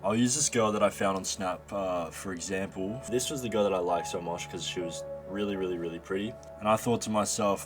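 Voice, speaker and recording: A man's voice: deep voice, a little fast. A young man telling a rambling, profane story as a vlogger, with mock stammers for comic effect. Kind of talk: casual storytelling monologue. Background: background music.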